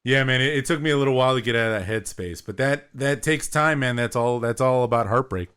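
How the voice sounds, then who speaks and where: A young man co-hosting a podcast, telling a story in a relaxed, rambling way with lots of filler words. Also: medium pitch, fast, clear, resonant tone. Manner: laid-back, rambling, with lots of "like". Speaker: podcast co-host. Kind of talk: casual storytelling.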